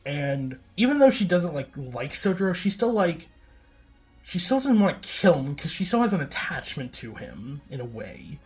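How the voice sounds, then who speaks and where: A man's voice: on the high side, very animated, normal speed, faint music behind. A man giving a casual, rambling recap, often correcting himself and filling gaps with "like" and "um". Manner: rambling, self-correcting, filler-heavy. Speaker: video essayist.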